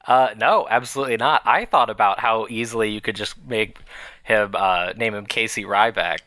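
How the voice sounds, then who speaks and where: A man's voice: on the low side, normal speed, bright, forceful tone, no echo. A man co-hosting a podcast in casual chat, rambling with fillers and small laughs. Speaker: podcast co-host.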